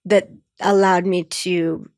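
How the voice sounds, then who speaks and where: A woman co-hosting a podcast, telling a story in an animated way, acting out the dialogue and laughing often. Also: fairly low pitch, slow, dry recording, clean studio sound. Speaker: podcast co-host. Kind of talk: casual chat, storytelling.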